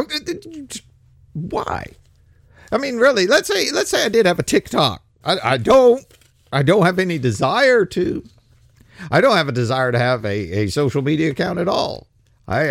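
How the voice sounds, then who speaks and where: Male radio host, ranting and sarcastic, dry close-miked sound, lively pitch jumps. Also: creaky, dry recording. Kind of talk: solo political commentary.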